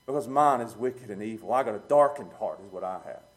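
A man preaching a sermon, plain-spoken and chuckling, swinging from quiet low musing to loud emphatic peaks. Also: a little fast. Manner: plain-spoken, uses street talk and chuckles.

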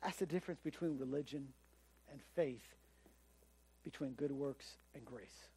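A man's voice: mid-range voice, unhurried, vocal fry, dark tone, a little hiss or hum. A man preaching a sermon in a conversational way, often acting out the voices of the people he quotes. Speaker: pastor.

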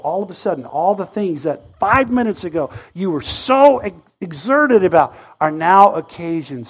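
A man preaching a sermon as a story, animated, swinging between loud outbursts and hushed, quiet passages. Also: sits high, moderate pace, hardly any pauses, slightly rough.

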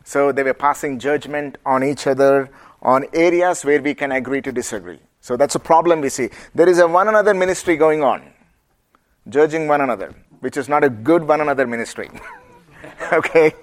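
A man's voice: fairly high pitch, fairly quick. A man with an Indian accent teaching the Bible to a group and asking them questions. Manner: asks the audience questions, lively and engaging. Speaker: preacher.

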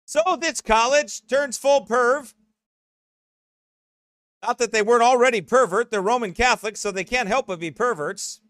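A man who is a pastor delivering a brash, mocking, rapid-fire rant to an online audience. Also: extremely high pitch, a bit bright, dry recording, clean studio sound. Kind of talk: online ranting sermon.

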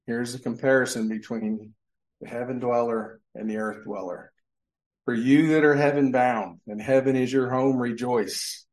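A male pastor delivering a sermon in a church sanctuary. His voice sits at an ordinary mid pitch. He leans on rhetorical questions, pausing for the room before he gives the answer. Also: steady tone, a little mellow.

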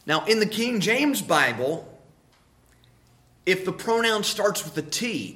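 A man's voice: fairly high pitch, sharp tone. A man preaching a sermon, emphatic, repeating key words and asking rhetorical questions.

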